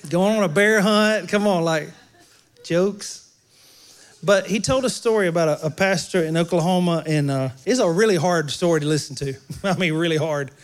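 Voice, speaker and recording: A man's voice: high voice, normal speed. A man preaching a sermon in a church, talking conversationally and joking with the congregation. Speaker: pastor.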